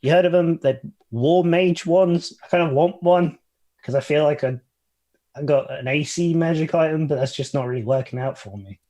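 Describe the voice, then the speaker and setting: A man's voice: on the high side, normal speed, dark tone. A man playing a tabletop game, chatting and joking casually. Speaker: player.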